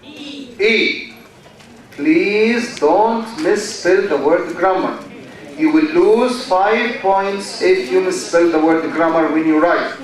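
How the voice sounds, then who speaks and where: Slow echoey Egyptian male lecturer. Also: sits high. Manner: slow and deliberate, quizzing students with questions. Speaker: university lecturer. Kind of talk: classroom lecture. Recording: very echoey classroom, mic far from speaker.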